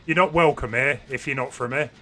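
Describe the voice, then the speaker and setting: A man chats casually with viewers during a game livestream, rambling from one thought to the next. His voice is bright and forceful, sitting at an ordinary pitch for a man. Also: fairly quick. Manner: chatty, rambling, talks to viewers. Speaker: gaming livestreamer. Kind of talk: casual chat while streaming a game.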